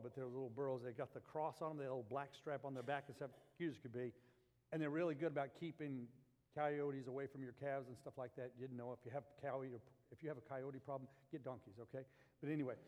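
A man's voice: fairly high pitch, darkish tone, in a large hall. A man preaching a sermon as a pastor, mixing scripture with folksy, homey stories and asides. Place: church.

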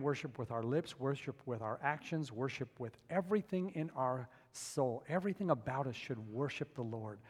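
Fervent preacher man, echoing hall. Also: mid-range voice. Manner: storytelling, rising to loud fervent emphasis. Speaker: pastor. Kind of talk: sermon with personal story. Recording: long reverb of a large hall.

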